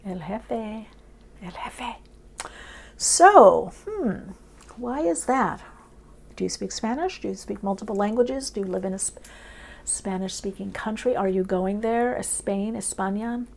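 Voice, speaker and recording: A woman's voice: medium pitch, expressive, measured pace, vocal fry, a little mellow. A woman doing an intuitive tarot reading, musing aloud in short, dreamy phrases. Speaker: tarot reader. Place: indoors, off camera.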